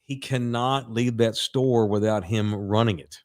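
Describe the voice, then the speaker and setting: A man's voice: on the low side, steady tone, a little slow, a little mellow. A middle-aged man, a podcast co-host, telling a raunchy story in casual chat with lots of laughs.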